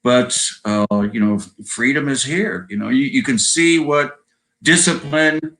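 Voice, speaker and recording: A Southern California guest musician of around seventy, with an American accent, rambles casually over a video call in an interview chat. His medium-pitched voice is measured and a bit bright, though the recording is rough. He tags his sentences with "you know" and "right?".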